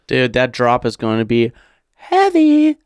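A man's voice: on the low side, fairly quick, no room sound. A man co-hosting a podcast, chatting in casual, profane, joking banter into a microphone. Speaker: podcast co-host.

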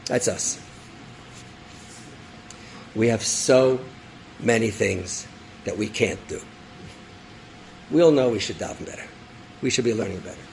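A rabbi telling a story in a sermon, animated, acting out voices and dropping in Hebrew terms. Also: male voice, fairly low pitch, measured pace, creaky, long pauses, slight background noise, low-quality recording. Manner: animated storyteller, acts out characters, laughs; sprinkles Hebrew and Yiddish terms.

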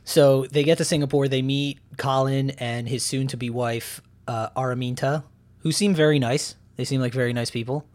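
Man, podcast co-host, loose rambling recap, mid-pitched everyday voice. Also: fairly even intonation, moderate pace, darkish tone. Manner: rambling, full of fillers and restarts. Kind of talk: casual chat.

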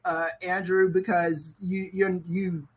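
A woman's voice: on the low side, flat delivery, takes it slowly, slightly rough, poor audio. A woman co-hosting a casual podcast chat, ranting in disbelief, laughing often and swearing freely. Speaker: podcast co-host.

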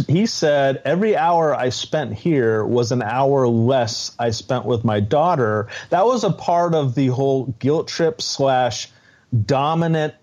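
A man co-hosting a podcast, talking in a halting, restarting way about a reality show episode. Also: medium pitch, a little mellow. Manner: halting, many restarts and fillers. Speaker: podcast co-host. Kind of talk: casual chat. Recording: dull, muffled audio.

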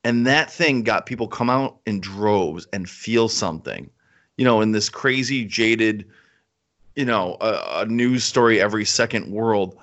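A man's voice: lowish voice, measured pace, fairly bright tone. A man chatting casually as co-host, enthusiastic and rambling, often repeating himself. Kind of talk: casual chat. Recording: slightly dull lo-fi sound.

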